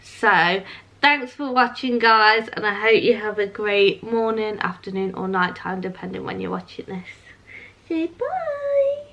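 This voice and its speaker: A woman's voice: mid-range voice, fairly even intonation, normal speed, gravelly, sharp tone, lo-fi sound. Chatty young woman vlogger. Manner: chatty, lots of "um" and "like". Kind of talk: casual storytelling to camera.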